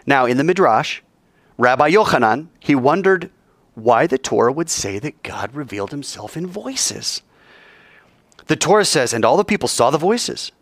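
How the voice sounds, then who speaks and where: A man teaching a live group, lively and joking, acting out quoted lines as he explains. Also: mid-range voice, no echo. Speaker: Bible teacher.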